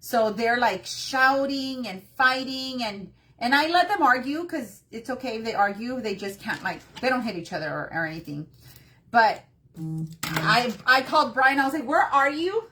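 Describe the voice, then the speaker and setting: Woman, craft workshop host, chatty live tutorial, bright voice, slightly high pitch. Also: lively intonation, normal speed, a little hiss or hum. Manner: chatty, greets viewers by name.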